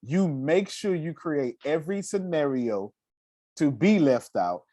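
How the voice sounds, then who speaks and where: This coach sounds warm and fairly high, expressive and measured in pace, recorded at studio quality without echo. Leading a group on a video call, he's blunt, swears, hits his points hard and performs the voices of people he quotes in his motivational talk.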